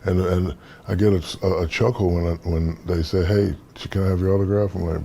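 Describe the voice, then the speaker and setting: A man in his fifties from the United States, an interview guest telling stories in a relaxed, casual way and acting out the voices in them. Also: sits low, normal speed, vocal fry, few pauses, slightly rough. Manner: relaxed storyteller, acts out quoted dialogue.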